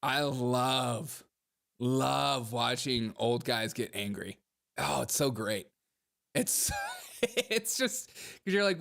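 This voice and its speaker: A man's voice: mid-range voice, lively intonation, slow, gravelly, long pauses, fairly bright tone. A young man hosting a commentary show, reacting to clips in a mocking way, laughing often and talking to his chat.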